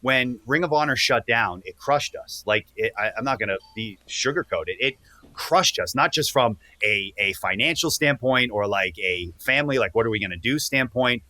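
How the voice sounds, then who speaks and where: Male podcast guest, bright forceful tone, earnest and animated. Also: medium pitch, normal speed, dry recording. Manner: earnest, animated, speeds up when excited. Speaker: podcast guest, pro wrestler. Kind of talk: casual interview storytelling.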